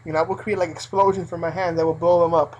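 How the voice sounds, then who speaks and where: Husky young adult rambling through work stories. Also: mid-range voice, little pitch movement, fast talker, darkish tone, rough recording. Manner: rambling, heavy use of like and you know. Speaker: vlogger recounting fast-food job. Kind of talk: casual storytelling.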